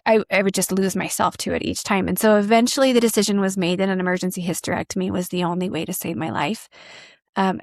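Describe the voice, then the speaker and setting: A woman's voice: mid-range voice, no echo, clean studio sound. A woman in her thirties, a podcast guest, telling a personal story in a candid, rambling way with many fillers and restarts.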